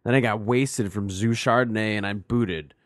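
Guy cohosting a podcast, lowish voice, dry close mic, laid back chat. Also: normal speed, no room sound. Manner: reads a listener letter aloud, laughing and breaking off. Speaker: podcast co-host. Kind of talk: casual chat.

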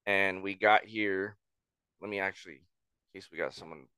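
A man co-hosting a casual podcast, bantering and quick with comebacks. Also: low voice, steady tone, pushed and bright, clear, resonant tone, no echo. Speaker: podcast co-host.

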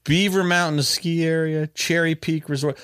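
This podcast host's voice is fairly high, fairly bright, clear, and resonant, with fairly even intonation and a moderate pace. He tells a story in casual conversation, rambling with frequent restarts and plenty of fillers, and the dry recording is studio quality.

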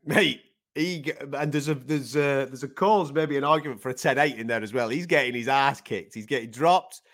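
A man co-hosting a fight podcast, animated and laughing, swearing freely. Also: mid-range voice, fairly quick. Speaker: podcast co-host. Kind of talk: casual MMA chat.

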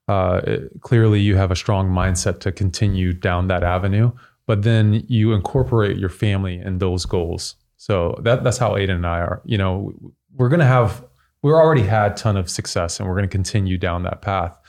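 A man's voice: deep voice, moderate pace, a little mellow. A man hosting a podcast, talking in a casual, enthusiastic and encouraging way. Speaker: podcast host.

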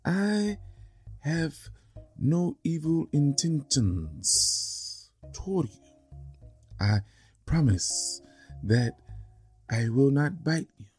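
A man voicing a sly, pleading snake in a storytelling podcast, drawing out each word slowly. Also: a little high, lively intonation, darkish tone, slightly rough, soft background music, pitched above the performer's own voice, full character voice. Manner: slow drawn-out hissing pleas.

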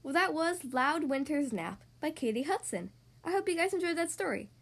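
High-voiced lady reading a picture book to kids, super expressive, sing-songy. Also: moderate pace. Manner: friendly, expressive, sing-song. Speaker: podcast host reading to children. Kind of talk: storybook read-aloud.

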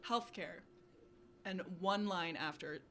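A young woman with a slightly low voice chats casually as a podcast co-host. Her talk is full of fillers and quick asides, and faint noise hums behind her. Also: fairly bright tone. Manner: chatty, many fillers like "you know" and "like". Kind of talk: casual chat.

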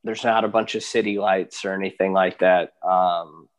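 A man's voice: sits low, normal speed. A man from Alaska, a dog musher, chatting as a guest in an easygoing, rambling way with lots of fillers. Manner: relaxed, rambling with many fillers. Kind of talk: casual interview chat.

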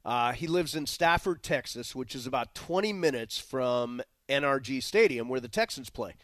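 A man's voice: medium pitch, normal speed, no echo. A man co-hosting a sports talk show who ribs the others in a playful way and leads the segments. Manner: animated, playful ribbing. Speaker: radio sports talk host. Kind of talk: casual on-air banter.

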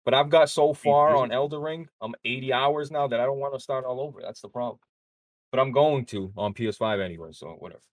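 Brief: male podcast co-host, quick and heated, casual gaming banter, dry close sound. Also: medium pitch, dry recording. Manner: animated, swearing, rapid banter.

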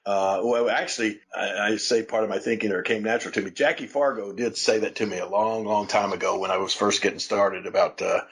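Husky older man telling stories. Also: on the low side, fairly even intonation, a little fast, few pauses, a bit bright, poor audio. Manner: rambling, laughs often, many restarts. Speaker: podcast host, wrestling legend. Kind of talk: casual storytelling chat.

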